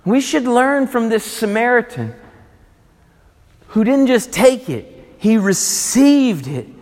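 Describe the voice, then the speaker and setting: A male pastor preaching a sermon, emphatic and swinging between loud and hushed delivery. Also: very high voice, big pitch swings, slow pace. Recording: long reverb of a large hall.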